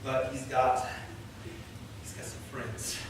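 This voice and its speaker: A male pastor preaching a sermon in a church, telling the story dramatically and swinging between loud and hushed delivery. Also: mid-range voice, level tone, takes it slowly, very noisy. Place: church sanctuary. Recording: echoey church hall from far off.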